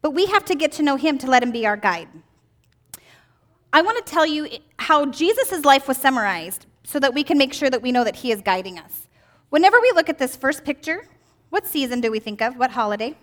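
A woman's voice: sits high, lively intonation, fairly quick. A woman in her forties giving a children's church lesson, upbeat and quizzing the kids with questions. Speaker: children's ministry teacher.

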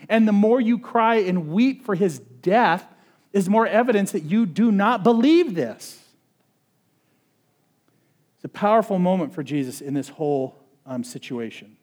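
Animated high-voiced male preacher. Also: unhurried. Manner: animated, swinging between loud emphasis and hushed intensity; conversational, uses "like" often. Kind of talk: expository sermon.

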